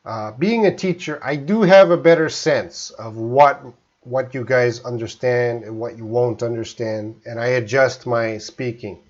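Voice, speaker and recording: Male English teacher from Canada, live Q&A, slow and deliberate, mid-pitched, slightly muffled stream audio. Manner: slow, careful, reads out viewer questions. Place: home in Korea, live stream.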